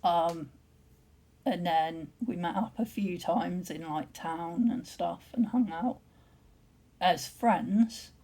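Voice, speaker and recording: A woman chats at home in an unhurried, easygoing way. Her voice is mellow and a little breathy, and she giggles softly as she talks. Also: lowish voice. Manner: soft-spoken and giggly. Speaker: vlogger. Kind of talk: casual chat. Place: home living room.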